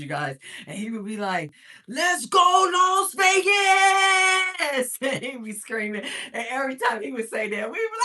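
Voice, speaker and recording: In a medium-pitched, slightly bright voice, a Missouri woman hosts a casual livestream. She chats, reads viewer comments aloud and laughs frequently, a bit winded from moving around.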